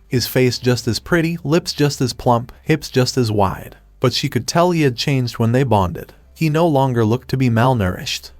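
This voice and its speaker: A man's voice: medium pitch, no echo. Man reading a story, dry close sound. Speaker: narrator. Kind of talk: scripted story narration.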